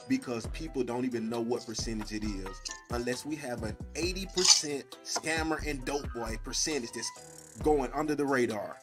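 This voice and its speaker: A man co-hosting a podcast, animated and slangy, often repeating his words. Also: medium pitch, normal speed, loud music behind the voice. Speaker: podcast co-host. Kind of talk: casual podcast chat.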